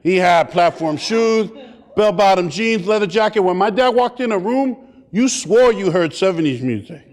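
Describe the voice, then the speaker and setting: A man speaking on stage, telling a personal story in a lively, joking, animated way. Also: sits high, normal speed. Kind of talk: comic personal storytelling speech. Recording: long hall reverb.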